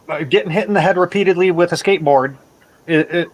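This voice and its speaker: A man's voice: high-pitched, fast talker, low-quality recording. Blunt man with a raised voice. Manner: blunt, emphatic, swears casually. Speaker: livestream chat participant. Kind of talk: casual group chat.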